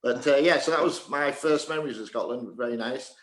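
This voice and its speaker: A man's voice: medium pitch, a little fast, reverberant, rough recording. An older man from England, a former table tennis player and coach, reminiscing in a Q&A in a hesitant way, with many fillers and restarts. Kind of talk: casual reminiscing in a Q&A.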